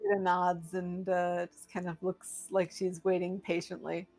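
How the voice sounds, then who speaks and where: A woman's voice: fairly low pitch, level tone, a little slow, darkish tone, soft background music. Inquisitive woman playing a tabletop game. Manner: inquisitive, polite. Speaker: player.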